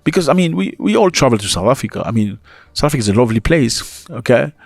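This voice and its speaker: A man giving casual opinion commentary to his viewers, animated and full of rhetorical questions and chuckling asides. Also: mid-range voice, fast talker, vocal fry, dry recording.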